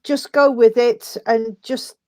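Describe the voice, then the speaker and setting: Chatty woman medium, fairly high. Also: fairly even intonation, slow, no echo. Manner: affectionate, chatty, calls people sweetheart. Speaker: spiritualist medium. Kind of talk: giving spirit messages at a service.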